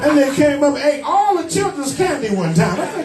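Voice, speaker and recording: A man doing a loud, rowdy stand-up roast on a comedy club stage, telling stories with crude slang into a handheld mic. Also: extremely high pitch, sing-song, a little fast. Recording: echoey room from a distance. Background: laughing crowd.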